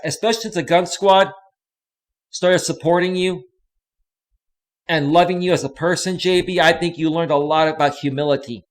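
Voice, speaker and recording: A man hosting a live stream, swearing constantly and talking straight to his chat viewers. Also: on the high side. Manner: speaks directly to chat viewers by name. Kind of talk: angry live stream rant.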